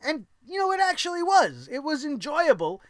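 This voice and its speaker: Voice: sits high, sing-song, moderate pace, a bit bright, no room sound, clean studio sound. A vlogger ranting about a wrestling show in a profane, sarcastic, exasperated way.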